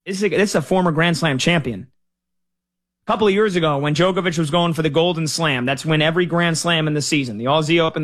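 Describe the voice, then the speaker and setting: A man's voice: on the high side, fairly bright tone. A man talking casually as a sports betting analyst, weighing picks in a loose conversational way with frequent filler words and restarts.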